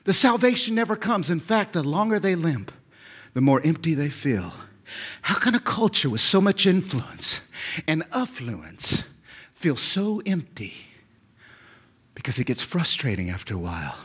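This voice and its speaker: Pastor, man in his forties, slightly high and husky, very lively pitch, swings from loud to whispered. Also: unhurried. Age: 40s. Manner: animated, swings from shouting to hushed whispers. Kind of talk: sermon.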